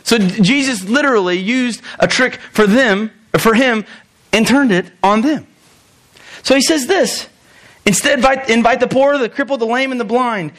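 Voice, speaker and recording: High-voiced male pastor preaching conversationally. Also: normal speed, fairly bright tone. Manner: conversational, acts out quoted voices, chuckles. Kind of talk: sermon.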